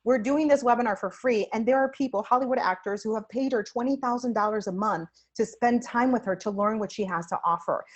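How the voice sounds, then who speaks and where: A woman's voice: on the high side, brisk, few pauses. A woman hosting a webinar interview, effusive and upbeat as she introduces and praises her guest. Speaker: webinar host.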